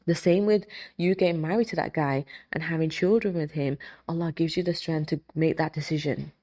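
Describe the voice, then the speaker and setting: A woman's voice: deep voice, steady tone, brisk, mellow. A woman in her thirties hosting her own show, giving a motivational religious talk and stressing points by repeating them. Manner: emphatic, repeats key phrases for stress. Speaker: podcast host and hypnotist.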